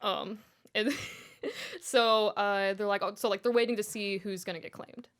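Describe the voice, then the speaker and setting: A woman's voice: mid-range voice, steady tone, measured pace, fairly bright tone. A young woman with a mid-range voice co-hosts a casual podcast. She retells a story in a chatty way, full of fillers and small restarts. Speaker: podcast co-host. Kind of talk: casual chat retelling a book.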